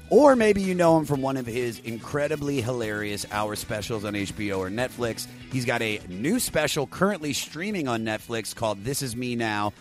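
A man hosting a podcast, talking casually and enthusiastically, swearing freely and jumping up in pitch as he hypes things. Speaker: podcast host.

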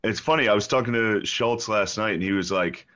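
A man's voice: fairly low pitch, a little fast, sharp tone, lo-fi sound. A man from Pennsylvania, a comedian guest who rambles in a laid-back way in casual chat.

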